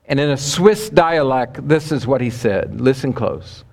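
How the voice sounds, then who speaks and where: A male preacher delivering a sermon, telling a story dramatically and often dropping to a hushed, low voice. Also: lively intonation, measured pace, creaky.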